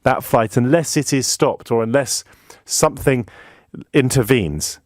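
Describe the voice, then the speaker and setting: A man's voice: mid-range voice, measured pace, dry recording, studio quality. An indignant middle-aged British man with a British accent, delivering an impassioned radio monologue as host of a phone-in show. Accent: British English. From Britain. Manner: indignant, rhetorical, emphatic.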